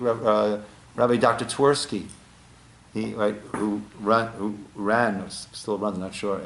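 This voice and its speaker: A man's voice: on the high side, echoey room. A male rabbi giving a Torah class, quoting Hebrew and asking his listeners questions. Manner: lively teaching with rhetorical questions and Hebrew quotes. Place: synagogue.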